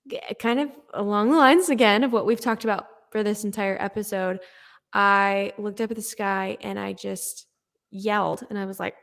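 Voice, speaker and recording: Animated young woman telling stories. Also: mid-range voice, vocal fry. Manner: animated storytelling, laughing often. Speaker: podcast guest. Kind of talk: casual interview chat.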